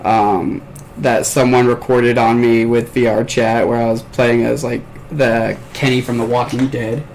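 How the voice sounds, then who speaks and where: A man in casual podcast chat, rambling through a story in a mid-pitched, ordinary voice. He swears freely and trails off with fillers as he goes. A faint hiss of background noise sits behind him. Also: flat delivery, unhurried, darkish tone, low-quality recording. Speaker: podcast host. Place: bedroom at home.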